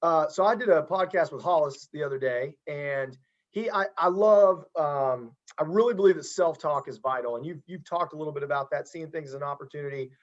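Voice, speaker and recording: A man's voice: fairly high pitch, brisk, highs cut off. A man hosting a casual podcast interview as a football coach, earnest and encouraging, often restarting his sentences.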